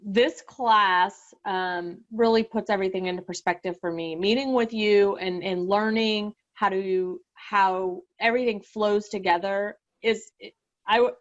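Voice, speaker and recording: A woman guest talks through her story in a halting way, full of fillers and false starts. Her voice sits in the middle of the range for a woman. The audio is dull and lo-fi. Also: medium pitch, steady tone. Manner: halting, many restarts and fillers, laughs nervously. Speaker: guest sharing her exam success story. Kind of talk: emotional podcast interview.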